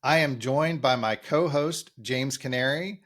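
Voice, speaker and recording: A man's voice: mid-range voice, a little slow, a bit bright. A man co-hosting a podcast, reading a scripted intro, then chatting in an upbeat, self-deprecating way with his guest. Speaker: podcast co-host.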